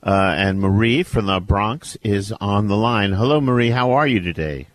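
A man with a low voice filling in as host of a radio talk show. He is genial and jokey, steering between guests and callers. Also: normal speed, no room sound. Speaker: fill-in host.

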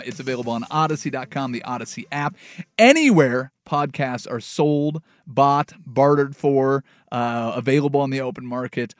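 Male sports talk host, playful and rambling, somewhat high voice, dry mic. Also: no echo. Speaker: radio sports show host. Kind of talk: comedic radio sports talk.

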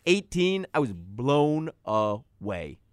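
A man's voice: medium pitch, sing-song, takes it slowly, clear, resonant tone, no echo. A male sports radio co-host in casual studio banter, chatty and laughing often as he plugs the show. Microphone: studio microphone.

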